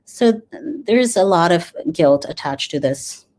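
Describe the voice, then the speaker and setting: A woman in her forties, a dentist and grief coach, talking earnestly in an interview with many pauses and fillers. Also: fairly low pitch, expressive, darkish tone. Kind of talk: conversational interview.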